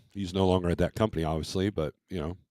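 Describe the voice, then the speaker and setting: A man's voice: deep voice, lively intonation, a little fast, darkish tone, dry recording, clean studio sound. A man hosting a casual trucking livestream, rambling as he reads load listings aloud and comments on them. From Michigan.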